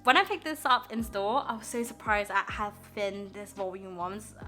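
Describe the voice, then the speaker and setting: Bright chatty young woman. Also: medium pitch, moderate pace, hardly any pauses, soft background music. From United Kingdom. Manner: chatty and gushing, many fillers. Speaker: manga vlogger. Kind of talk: casual haul chat.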